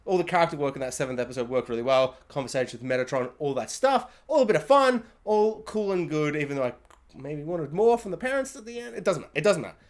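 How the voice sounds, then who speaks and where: A man casually ranting through a review of a show, jokey and animated, acting out scenes in silly voices. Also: fairly high pitch, quick pace. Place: hot room at home.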